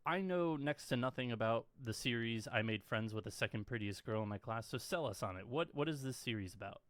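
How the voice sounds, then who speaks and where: Chatty podcast host, dry sound. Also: male voice, mid-range voice, brisk, no echo. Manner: relaxed and chatty, with "yeah, no" and many "uh" fillers. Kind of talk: casual chat. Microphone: voice call.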